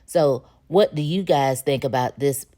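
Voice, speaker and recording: A woman's voice: rumbling low, unhurried, dark tone. A woman hosting a casual, opinionated TV episode recap, chatting and laughing as she retells the plot.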